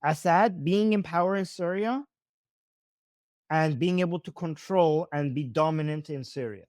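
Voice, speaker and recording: A man's voice: on the high side, unhurried, darkish tone, no echo, studio quality. A man with a Persian accent giving casual live commentary on videos, thinking aloud with frequent restarts and self-corrections.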